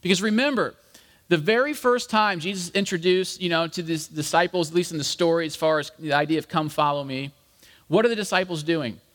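A man with a fairly high voice preaching a relaxed, jokey sermon. He talks to the congregation like old friends and acts out the quoted voices. A long reverb trails his words around the hall. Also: brisk. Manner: casual, jokey, addresses the congregation as guys. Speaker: pastor. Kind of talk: conversational sermon.

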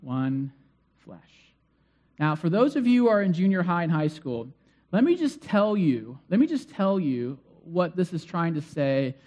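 A man preaching a sermon to his congregation, telling stories in a conversational, animated way, asking the crowd questions and repeating phrases for emphasis. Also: fairly high pitch, measured pace. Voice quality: conversational, animated storytelling with acted-out cries. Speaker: pastor.

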